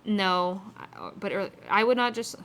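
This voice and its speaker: Outdoors on a windy day, a woman hosts a casual livestream, speaking close into a phone mic and answering viewer chat in a loose, rambling, profane way with many restarts. Her voice is medium-pitched, fairly bright and a little slow.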